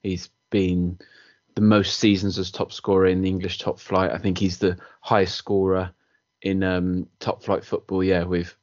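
A man with a very deep voice co-hosts a football podcast. He reels off statistics in a measured way. The recording is slightly muffled. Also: flat delivery. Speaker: podcast co-host. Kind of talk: casual football chat.

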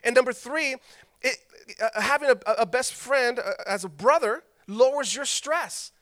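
Male pastor, very high voice with a bright edge, casual joking sermon delivery. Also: a little slow. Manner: conversational, joking storyteller.

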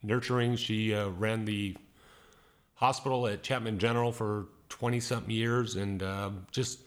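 A man giving a soft, halting spoken tribute with fillers. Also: fairly low pitch, fairly even intonation. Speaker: caller sharing a tribute.

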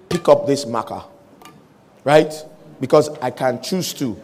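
A man preaching a sermon, telling a story with animated delivery and voicing the quoted speech, sometimes rising to shouts. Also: medium pitch, a little slow, long pauses.

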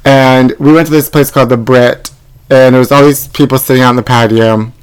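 Male podcast host, campy gossip storyteller, mid-pitched everyday voice. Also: fairly even intonation, fairly quick, clean tone, poor audio. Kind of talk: casual chat.

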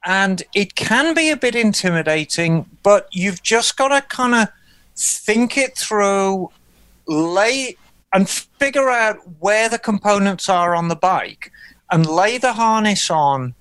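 A man with a high, smooth, resonant voice talks casually on a podcast, thinking aloud and padding with fillers. The sound is close and dry, with little room around it. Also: takes it slowly, dry recording. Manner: relaxed, thoughtful explaining with many fillers. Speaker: podcast co-host. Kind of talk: casual chat.

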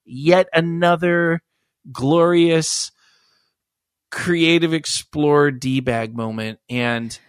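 A podcast co-host answering a friend's story with wry jokes and frequent laughter. The voice is at an ordinary middle pitch. It is recorded dry, with no room sound. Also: steady tone, drawn-out words, smooth, no room sound. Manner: wry, joking, laughs often. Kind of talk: casual podcast chat.

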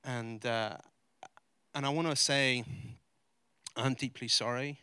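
An earnest male pastor preaching into a mic, his voice bright and crisp. He swings between loud, emphatic declarations and quiet, halting confession. The sound is close and dry. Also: mid-range voice, no room sound. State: close to tears. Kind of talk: sermon. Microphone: handheld or stage mic.

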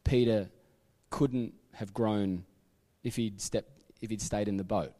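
A man's voice: fairly low pitch, fairly even intonation, slow, mellow. Australian man preaching in a reverberant hall. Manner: chatty storytelling with asides and self-corrections. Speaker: pastor. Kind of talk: sermon. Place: church sanctuary.

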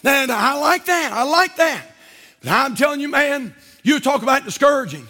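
A man preaching in a church with a very high, bright, ringing voice. He builds to fervent shouts, then drops into low asides to the congregation. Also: expressive, normal speed. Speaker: pastor. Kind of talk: sermon. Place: church sanctuary.

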